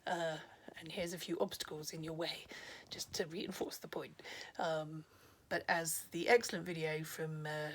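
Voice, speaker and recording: A woman's voice: deep voice, flat delivery, normal speed, hardly any pauses, slight background noise. A woman telling folk tales in a casual storytelling video, chatty and full of asides. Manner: chatty, with many ums and asides.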